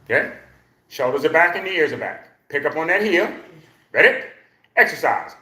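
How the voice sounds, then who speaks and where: A man leading a live exercise class for seniors, counting reps loudly, joking and coaxing the class along. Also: a little high, sing-song, normal speed. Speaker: senior fitness instructor. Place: exercise room. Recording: echoey room.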